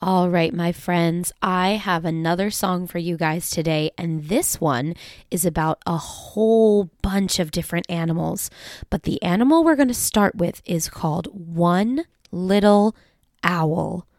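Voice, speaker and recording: A woman's voice: lowish voice, no room sound, clean studio sound. A woman hosting a sing-along music time for toddlers, cheery and coaxing, asking the children playful questions. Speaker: children's music podcast host.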